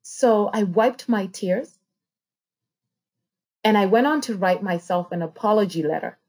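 A woman's voice: medium pitch, measured pace, a little mellow. A woman speaking in an earnest, heartfelt personal monologue on a podcast, repeating phrases for emphasis.

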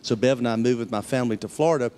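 A man's voice: medium pitch, rapid-fire. A man, a pastor telling his own testimony in a sermon, acting out the voices of the people in his story. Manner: storytelling, acting out quoted voices, rising to excited peaks.

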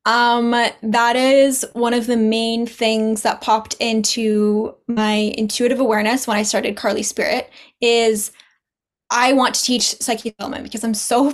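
A young adult woman guest on a podcast, talking earnestly and encouragingly in casual conversation. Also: fairly high pitch. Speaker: podcast guest, spiritual business owner.

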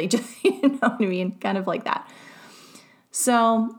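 A young adult woman hosting her own podcast recounts a personal moment in loose, casual storytelling. She circles back on her thoughts, filling pauses with little verbal fillers as she reflects, in a plain middle-pitched voice. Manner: rambling, self-reflective, frequent fillers. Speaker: podcast host, nervous system coach.

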